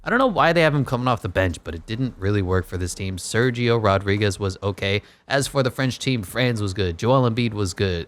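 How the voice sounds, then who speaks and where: A man giving casual play-by-play commentary over a basketball video game, with wry joking asides. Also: fairly low pitch. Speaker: gaming YouTuber.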